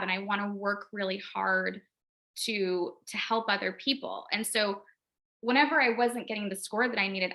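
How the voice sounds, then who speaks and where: Earnest bright-voiced woman, close to tears. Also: mid-range voice. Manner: earnest, halting, many restarts and fillers. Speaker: guest, LSAT tutor. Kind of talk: emotional personal interview talk.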